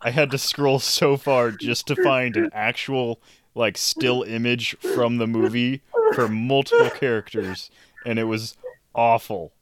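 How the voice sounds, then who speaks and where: A man co-hosting a casual podcast, with wry, deadpan humor. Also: medium pitch, a little slow, a little hiss or hum. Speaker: podcast co-host.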